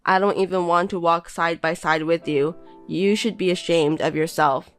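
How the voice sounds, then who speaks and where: A woman's voice: on the low side, fairly even intonation, normal speed, faint music behind, natural voice. A woman voicing a contemptuous young husband who belittles and bosses his wife in a text-message story. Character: scornful insulting young husband.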